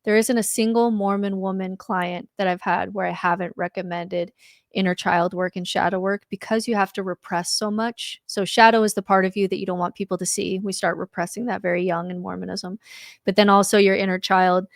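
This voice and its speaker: Woman explaining with calm confidence. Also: mid-range voice, brisk, dry recording, clean studio sound. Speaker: spiritual director. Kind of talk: podcast interview guest.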